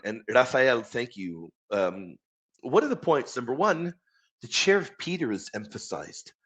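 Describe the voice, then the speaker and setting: A man's voice: medium pitch, a bit bright. A man hosting a live stream, chatting casually and enthusiastically with viewers and reading quotes aloud.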